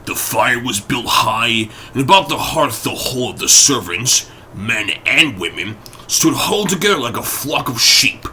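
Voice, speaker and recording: A man narrating an audiobook in a dramatic, expressive reading. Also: mid-range voice, moderate pace, slight background noise, poor audio.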